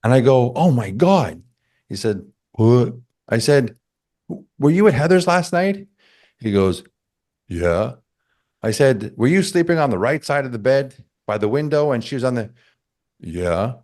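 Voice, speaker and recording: A man telling a personal story in a casual chat, animated and acting out the quotes. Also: medium pitch, measured pace, pauses often.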